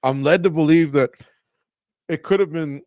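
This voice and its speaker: A man co-hosting a live fight watch-along, chatting casually and telling stories with lively acted-out quotes. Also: fairly high pitch, normal speed, dry recording, clean studio sound. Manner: animated storyteller, acts out quotes. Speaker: co-host.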